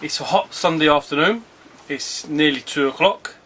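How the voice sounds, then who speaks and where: A man's voice: fairly high pitch, moderate pace, fairly bright tone, slight background noise. Chatty man vlogging outdoors. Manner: rambling, chatty, often breaks off to call his dog. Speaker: retro game collector vlogger. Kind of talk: casual vlog chat. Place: outdoors at home on a sunny afternoon.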